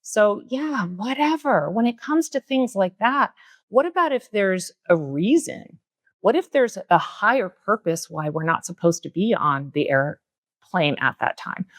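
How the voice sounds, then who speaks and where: A middle-aged woman, a spiritual and yoga teacher, speaking earnestly on a podcast from a retreat center and slowing down to stress key words. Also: mid-range voice, expressive, no room sound, clean studio sound. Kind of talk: reflective spiritual talk on a podcast.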